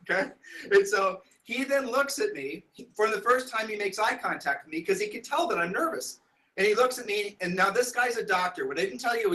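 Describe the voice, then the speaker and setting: Brief: man, high bright voice, rambling storyteller addressing a crowd. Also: low-quality recording. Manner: rambling, animated, many restarts. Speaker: speaker telling a sales story. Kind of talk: storytelling talk to an audience.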